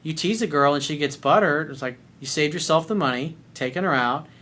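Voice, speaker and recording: A man's voice: on the high side, fairly quick, bright, forceful tone. A man giving dating advice in a video coaching monologue, blunt and emphatic, swearing freely.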